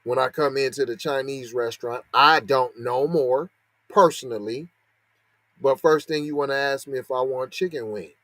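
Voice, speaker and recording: A man's voice: medium pitch, moderate pace, fairly bright tone, no echo. A man hosting a podcast, giving heated, sarcastic commentary with a string of rhetorical questions. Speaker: podcast host. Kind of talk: heated commentary on a news story.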